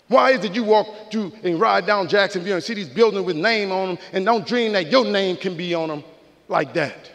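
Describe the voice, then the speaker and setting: High-voiced preacherly man in a big hall. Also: moderate pace, fairly bright tone. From New Orleans, USA. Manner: preacherly, rhythmic, repeating phrases. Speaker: commencement speaker. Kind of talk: motivational speech. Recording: long reverb of a large hall.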